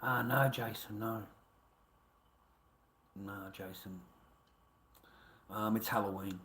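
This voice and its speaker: A man's voice: fairly low pitch, fairly even intonation, takes it slowly, pushed and bright. An Australian man ranting on his livestream in a taunting, repetitive way, full of swearing. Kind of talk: profane livestream rant. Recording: roomy echo.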